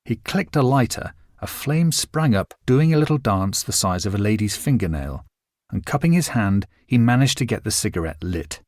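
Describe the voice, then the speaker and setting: A man reading a novel aloud as its narrator in a measured, expressive storytelling manner. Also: fairly low pitch, dry recording, clean studio sound. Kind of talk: scripted narration.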